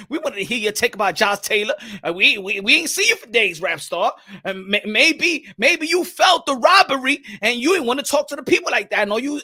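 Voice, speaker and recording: A man hosting a boxing channel, talking loudly and profanely in a playful, laughing way. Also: very high-pitched. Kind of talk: casual livestream commentary.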